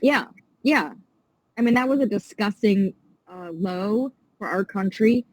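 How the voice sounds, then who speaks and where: Passionate indignant woman with a husky voice. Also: medium pitch, lively intonation, a little slow, darkish tone, no echo, low-quality recording. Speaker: podcast guest. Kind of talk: casual interview chat.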